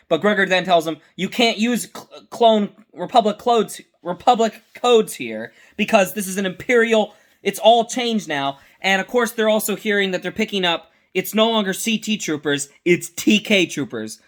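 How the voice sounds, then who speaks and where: A man with a fairly high voice giving a casual fan review, talking with eager enthusiasm. He rambles and keeps restarting his sentences to fix small details. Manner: excited, rambling, with frequent self-corrections. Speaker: host.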